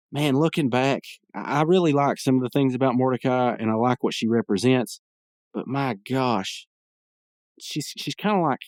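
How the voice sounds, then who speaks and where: A man's voice: medium pitch, no echo, clean studio sound. A man hosting a podcast, recapping a cartoon episode in casual, rambling talk full of fillers and opinionated asides. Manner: rambling and digressive, many fillers. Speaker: podcast host.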